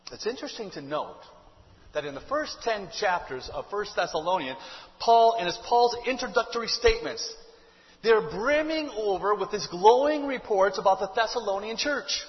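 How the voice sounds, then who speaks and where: Pastor, male, high voice, chatty sermon delivery with rhetorical questions, dull recording with long hall echo. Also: animated, moderate pace. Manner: conversational preaching with rhetorical questions.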